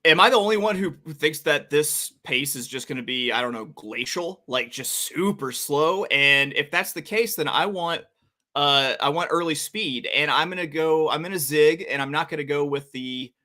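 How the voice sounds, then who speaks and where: A man co-hosting a podcast, talking through horse race picks in a measured, casual way. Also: a little high, bright, forceful tone. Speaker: podcast co-host. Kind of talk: casual handicapping talk.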